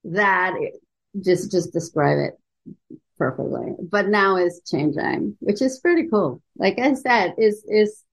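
A woman from Latin America, a voice actor on a panel, speaking haltingly with fillers. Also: medium pitch, expressive, creaky, poor audio. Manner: halting, many fillers and restarts.

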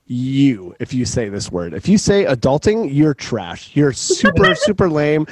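A man's voice: medium pitch, very animated, measured pace, no echo. A man of forty hosting a podcast, riffing in rambling, profane casual chat. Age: 40s. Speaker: podcast host.

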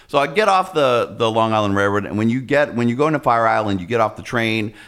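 Animated man telling a comic story. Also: on the low side, fast, clean tone. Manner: animated, acts out other people's voices. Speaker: podcast co-host. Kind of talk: comedic storytelling in casual chat.

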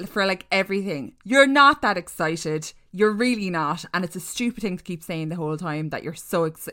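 A woman co-hosting a podcast in casual chat, animated and ranting, swearing freely. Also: lowish voice, a little fast. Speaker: podcast co-host.

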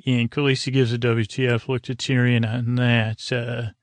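A man hosting a podcast, retelling an episode in a rambling, halting way, full of "uh" and "he goes". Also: medium pitch, level tone, no echo. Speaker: podcast host. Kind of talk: rambling episode recap for sleep.

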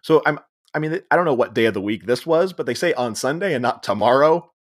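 A man co-hosts a podcast and walks through a film's story in relaxed chat. He acts out the characters' lines as he goes and breaks into laughter often. His voice sits at an ordinary middle pitch. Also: fast. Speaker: podcast co-host. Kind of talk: casual chat recapping a film.

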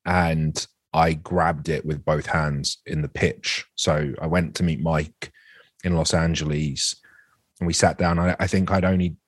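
A man's voice: very deep voice, flat delivery, no room sound, studio quality. A man in his forties, an actor guest speaking candidly in an interview, often restarting his sentences. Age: 40s. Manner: candid, halting, with many restarts.

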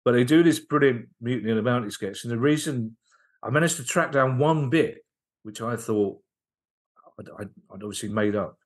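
A man, a comedian and writer, telling comedy anecdotes in a casual podcast chat, lively and enthusiastic, often restarting his sentences. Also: medium pitch, moderate pace.

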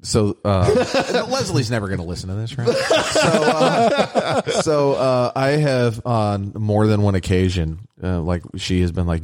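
A man's voice: fairly low pitch, big pitch swings, unhurried. A man in casual banter with friends, teasing and laughing often. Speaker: podcast co-host.

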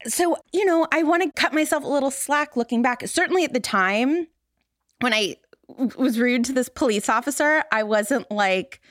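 A woman with a fairly high voice talks candidly on a podcast, poking fun at herself and laughing as she tells personal stories. The recording is dry and close, with no room sound. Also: expressive, normal speed, no echo. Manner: candid and self-deprecating, laughs while telling stories. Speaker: podcast co-host. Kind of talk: candid conversational podcast talk.

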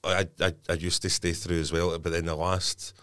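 A man's voice: low-pitched, level tone, moderate pace, a bit bright, dry recording. A Scottish man hosting a podcast, chatting casually with a guest across a desk, laughing easily and poking fun at himself. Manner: chatty, laughing, self-mocking. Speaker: podcast host. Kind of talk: casual chat.

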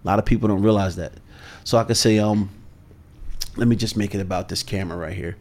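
A man with a fairly low voice talks as a guest on a podcast interview. He speaks in a measured, deliberate way with a calm authority, like a seasoned sales coach explaining his method.

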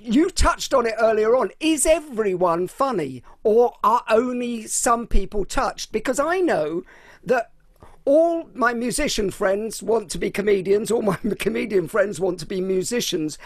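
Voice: medium pitch, expressive, no echo, studio quality. A podcast host reacting enthusiastically to a guest's story and asking the next question. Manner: enthusiastic, quick to laugh and praise. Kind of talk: interview conversation.

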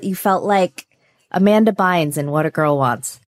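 A woman's voice: fairly low pitch, measured pace. A young woman co-hosting a podcast, chatting in an upbeat, enthusiastic way. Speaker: podcast co-host. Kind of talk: casual chat.

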